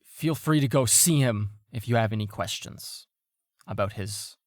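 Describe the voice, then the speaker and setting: A man's voice: on the low side, a little slow, no echo, studio quality, natural voice. A man voicing a stern female shipmaster who gives clipped, commanding orders.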